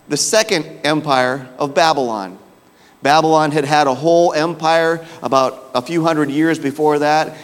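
A man preaching a sermon in a conversational, storytelling way, dropping his voice low for emphasis. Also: long reverb tail.

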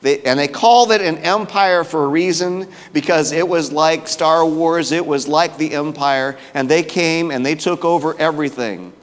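A man's voice: moderate pace, few pauses, a little hiss or hum. Man preaching in an echoing hall. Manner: conversational storytelling, drops low for emphasis. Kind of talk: sermon.

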